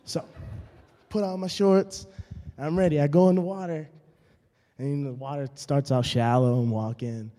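A young man with a high but mellow voice tells a funny true story to a live audience. He holds a handheld mic, repeats lines for comic effect, and talks straight to the crowd. His voice rings through a large hall with a long reverb. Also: steady tone, unhurried, pauses often. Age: young adult. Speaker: student storyteller. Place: auditorium stage. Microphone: handheld microphone.

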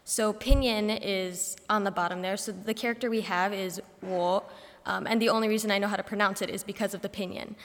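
A young woman student giving an informal class presentation, telling a story in a relaxed, anecdotal way. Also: mid-range voice, a little fast. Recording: reverberant hall sound.

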